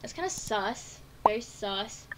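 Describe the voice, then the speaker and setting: A woman streamer giving casual let's-play commentary at her home computer, excitable, with gasping and squealing reactions. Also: mid-range voice, a little slow, heavy background noise. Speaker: gaming streamer. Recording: keyboard clicks in background. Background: typing on a keyboard.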